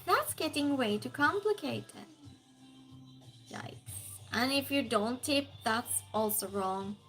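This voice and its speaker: Chatty woman streamer, higher voice. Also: expressive, takes it slowly, a bit bright, faint music behind. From Sweden. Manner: chatty, laughs often, greets viewers by name. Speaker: streamer host. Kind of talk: casual livestream chat, reading viewer comments aloud.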